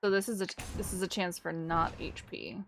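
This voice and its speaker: A woman's voice: on the low side, fairly even intonation, a little fast, creaky. A woman streaming a video game in casual chat, thinking aloud and reading out game text. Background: game music.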